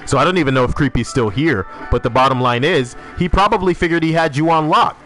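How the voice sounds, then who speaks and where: A man streaming a game, chatting loosely with teammates and viewers, loud and swearing constantly. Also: fairly high pitch, fast, soft background music. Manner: animated, talking to teammates and chat. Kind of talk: casual live-stream chat while gaming.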